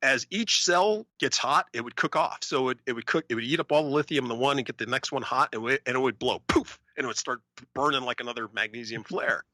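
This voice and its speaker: A man co-hosting a podcast, telling a story in a casual, animated way and acting out the voices of other people. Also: mid-range voice, fast talker, few pauses, no room sound. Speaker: podcast co-host.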